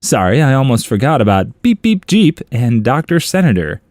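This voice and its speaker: A man's voice: moderate pace, no room sound, studio quality. A man narrating online comments aloud for a story channel, in a playful, amused reading. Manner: playful, amused reading with lively pitch swings.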